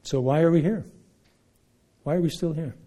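A man with a slightly high voice preaches at normal speed, his emphatic sermon shifting between loud pronouncements and hushed asides.

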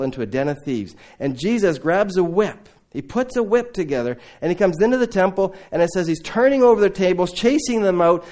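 A man preaching in church with a slightly raised pitch. He tells Bible stories with animated energy, acting out the voices of the disciples, and breaks off now and then with casual questions to his congregation. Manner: animated storytelling, acting out biblical dialogue; conversational asides to the congregation. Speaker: preacher raising funds for a mission training center. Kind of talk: sermon.

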